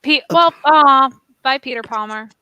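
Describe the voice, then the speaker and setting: A woman's voice: high-pitched, measured pace, pushed and bright, clean tone, no room sound, dull audio. A woman chatting on a group video call, telling anecdotes. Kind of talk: casual video-call chat.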